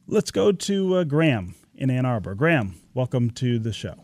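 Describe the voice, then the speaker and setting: A man's voice: medium pitch, sing-song, a little mellow, dry recording, clean studio sound. A man hosting a public radio call-in show, introducing his guest and taking callers. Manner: brisk, announces phone number and callers. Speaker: radio talk show host.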